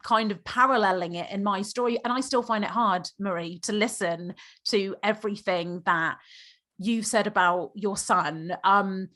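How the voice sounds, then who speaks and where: An earnest woman hosts a heartfelt podcast conversation. Her voice sits at an ordinary middle pitch, and she speaks with feeling and sincerity. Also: moderate pace, pushed and bright. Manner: earnest, gets emotional. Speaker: podcast host. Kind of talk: emotional podcast interview.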